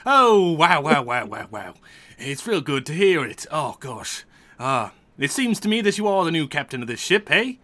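A man's voice: on the high side, sing-song, moderate pace, sharp tone. A man voicing a friendly, rambling male sea elf held prisoner in a tabletop game.

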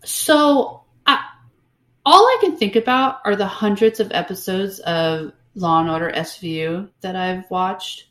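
A woman's voice: medium pitch, unhurried, a bit bright. A woman co-hosting a podcast, recapping a book in casual, sarcastic chat with lots of fillers. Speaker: podcast co-host.

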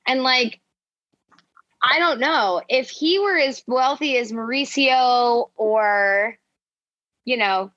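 A woman's voice: fairly high pitch, takes it slowly, long pauses, fairly bright tone, dry recording, highs cut off. Blunt, profane woman co-host. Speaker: podcast co-host. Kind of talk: casual reality-TV recap chat.

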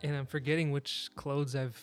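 A man telling loose, rambling stories in a relaxed chat among friends. His voice sits at an ordinary middle pitch and he laughs at his own jokes. Faint music plays underneath. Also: moderate pace.

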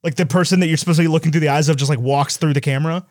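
A man in casual movie chat, animated, with quick asides and voices when he retells scenes. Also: a little high, dry recording, clean studio sound.

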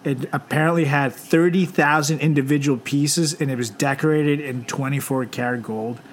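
A young man co-hosting a casual podcast, crude and joking, often acting out loud voices. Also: a little high, fairly even intonation, normal speed. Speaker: podcast co-host.

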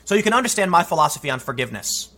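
A man in his thirties hosting his own channel, talking through commentary and telling a story with animated delivery. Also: fairly high pitch, racing. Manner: animated storytelling, acts out quoted voices. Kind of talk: monologue commentary.

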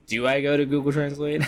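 A man's voice: on the high side, background noise. A man narrating a tabletop game as game master, casual and rambling. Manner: casual, rambling, laughs easily.

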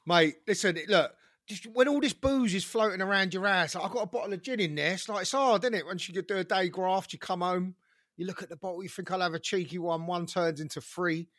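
A man's voice: high-pitched, a little fast, a bit bright, no room sound, studio quality. A man co-hosting a casual boxing podcast, chatty and self-deprecating, a bit hungover. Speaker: podcast co-host.

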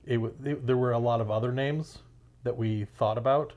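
A man co-hosting a podcast, trading dry deadpan jokes in casual banter. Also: medium pitch, a little fast. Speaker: podcast co-host.

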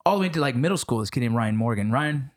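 A man's voice: medium pitch, animated. A man hosting a podcast in casual chat, swearing freely and acting out the voices in his stories. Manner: fast, profane, acts out the voices in his stories. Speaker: podcast host.

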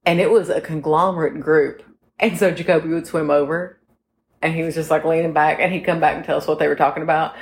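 A woman in her forties with a slightly low voice co-hosts a casual podcast. She rambles through stories and turns to talk straight to her listeners. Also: fairly even intonation, fast, a little hiss or hum. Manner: rambling, chatty storyteller who talks to listeners directly. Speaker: podcast co-host. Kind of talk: casual chat.

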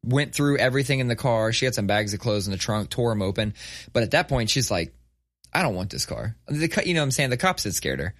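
A man's voice: mid-range voice, animated, fast, no echo, studio quality. A man in his thirties telling a story in casual, profane conversation, acting out quotes as he goes. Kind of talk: casual chat.

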